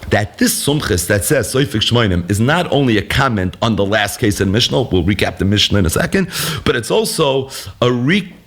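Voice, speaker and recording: A man's voice: fairly low pitch, very animated, moderate pace, a bit bright. A man teaching a daily Talmud lesson, explaining step by step and asking and answering his own questions.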